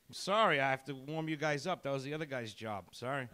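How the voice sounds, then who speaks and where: A man's voice: mid-range voice, lively intonation, a little fast, hardly any pauses, sharp tone. A male stand-up comedian in a comedy club, abrasive and profane, taunting the audience. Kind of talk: stand-up set.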